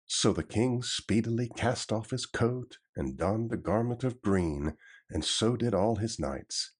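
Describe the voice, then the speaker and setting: A man reading an old adventure story aloud in a steady, even delivery. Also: on the low side, measured pace, husky. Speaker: narrator.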